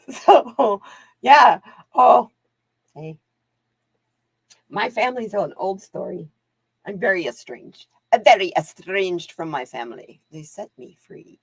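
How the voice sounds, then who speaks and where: A woman's voice: mid-range voice, animated, takes it slowly, gravelly, pauses often, slightly rough, dry recording. A woman hosting live card readings, chatting casually to viewers and laughing often as she wanders off into stories. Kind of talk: casual livestream chat.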